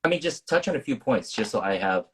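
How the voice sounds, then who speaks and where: A man's voice: fairly low pitch, big pitch swings, quick pace, slightly rough. A man hosting an interview, asking hesitant questions with restarts. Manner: hesitant questions with restarts, brief backchannel replies. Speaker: interview host. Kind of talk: conversational interviewing.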